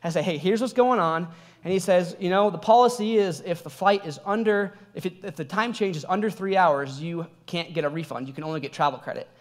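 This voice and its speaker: A young adult man, a pastor, preaching a sermon in a conversational, animated way, telling a personal story with laughs. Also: high-pitched, brisk.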